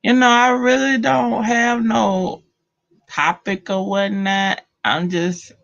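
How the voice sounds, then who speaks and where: A woman's voice: medium pitch, little pitch movement, takes it slowly, vocal fry, a bit bright. A woman with a Southern accent chatting casually with viewers on a livestream, slangy and loose. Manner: slangy, laid-back, talks to chat. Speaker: livestream host. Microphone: phone. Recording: dull lo-fi phone audio.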